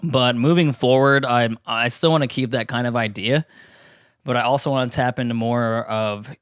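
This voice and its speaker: A man's voice: medium pitch, fairly even intonation, moderate pace, smooth, no room sound. Laid-back rambling man, band lyricist, says "dude" a lot, dry close sound. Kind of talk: casual podcast interview.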